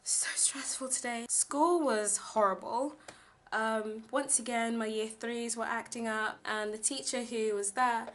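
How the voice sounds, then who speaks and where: A woman's voice: fairly high pitch, steady tone, measured pace. A young woman chatting casually in a vlog, rambling with lots of fillers. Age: young adult. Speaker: vlogger teaching abroad. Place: home kitchen, indoors.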